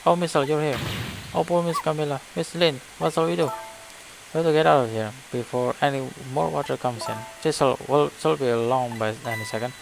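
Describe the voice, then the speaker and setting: An Indonesian-accented man reading the lines of a polite, hopeful young girl in a game, in a soft and earnest way. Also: on the high side, a little fast, gravelly, background noise. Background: game music.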